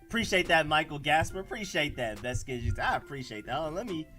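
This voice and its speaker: A man with an Atlanta accent hosting a casual sports livestream, talking in an animated, slangy way and reacting to the live chat. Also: a little high, brisk, soft background music. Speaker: livestream host.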